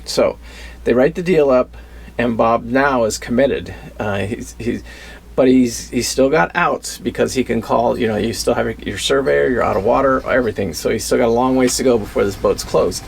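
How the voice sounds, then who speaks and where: A man's voice: mid-range voice, normal speed, creaky, husky. A man telling a story in a casual vlog, rambling, with many fillers and restarts. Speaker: vlogger.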